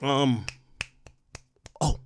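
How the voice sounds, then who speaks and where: Hoarse man ranting on stream. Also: very slow, no room sound, clean studio sound. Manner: loud heated trash talk, then hushed near-whisper. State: losing his voice. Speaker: livestream host. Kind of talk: ranting livestream commentary.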